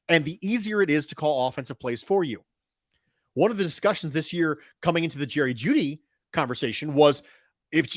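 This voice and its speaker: A man on a casual sports podcast builds his case with stats, repeating key lines for weight. His voice sits a little high. The sound is dry and close, with no room around it. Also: no room sound. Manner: emphatic, repeats points for stress. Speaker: podcast football analyst.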